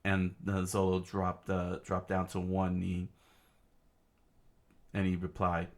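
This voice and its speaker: A man reading a comic aloud in a casual, halting way, with many fillers and asides about the panels. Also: sits low, completely flat delivery. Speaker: reader of a comic.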